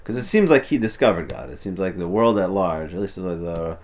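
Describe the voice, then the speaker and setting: A Torah teacher leads an informal text study, translating passages and explaining them as he goes. His low, darkish voice is animated and fairly quick, and he thinks aloud, often restarting and adding "you know".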